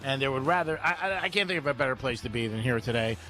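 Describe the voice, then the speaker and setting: A man's voice: medium pitch, lively intonation, fast, sharp tone. A man hosting a live radio show from a cigar lounge, rambling through stories and laughing often. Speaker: radio host. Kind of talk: casual radio chat.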